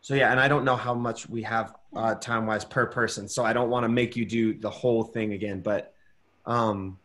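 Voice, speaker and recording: A man giving a gentle, encouraging acting critique over a video call, pausing often to search for words. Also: on the low side, steady tone. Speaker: masterclass teacher.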